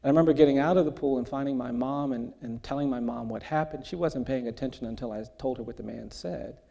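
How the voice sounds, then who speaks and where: A man in his sixties, a guest speaker in an onstage conversation, telling a personal story in a measured, earnest way. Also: medium pitch, vocal fry, warm tone, highs cut off. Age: 60s. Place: large hall before an audience. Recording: long hall reverb.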